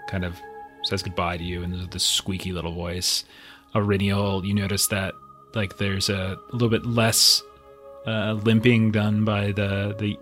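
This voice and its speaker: Man, game master, lowish voice, meandering narration, faint background music. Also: fairly bright tone. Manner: loose, meandering descriptions with many fillers.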